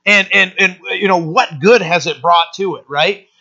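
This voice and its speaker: A man preaching a loose, conversational sermon, with a high, bright and sharp voice. He rambles, restarts his sentences and keeps checking in with his listeners. The recording is dull and lo-fi. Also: moderate pace, gravelly. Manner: conversational, rambling, frequent "right?" asides and restarts. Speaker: pastor. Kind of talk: informal Bible-study sermon.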